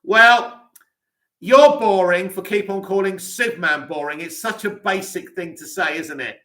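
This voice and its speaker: A man's voice: sits high, unhurried, fairly bright tone. A man with an English accent, hosting a live stream, reading viewer comments aloud and answering them with blunt, dismissive opinions.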